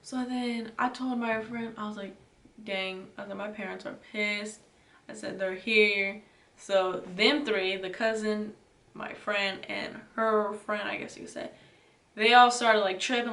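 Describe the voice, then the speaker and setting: A young woman vlogger tells a storytime casually, her retelling packed with fillers like "like" and "you know." Her mid-range voice is flat, fairly bright and moderately paced. She is recorded from a distance, away from the mic, with a roomy echo.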